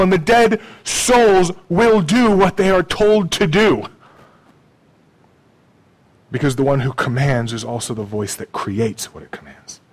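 A man preaching a sermon in a conversational way, tagging his points with "okay?" and "right?", moving between soft, low asides and raised, emphatic lines. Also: poor audio. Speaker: pastor.

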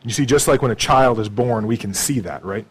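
Brisk and slightly rough-voiced, this male pastor delivers a conversational sermon on a low-quality recording. He alternates quiet, low asides with emphatic, raised passages and tags his points with "okay?" and "right?"

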